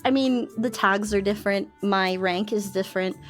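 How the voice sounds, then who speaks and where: A woman streamer chatting casually on a live stream, playful and teasing, laughing often and breaking into sing-song and shouty squeals, on a boom mic. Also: normal speed, soft background music.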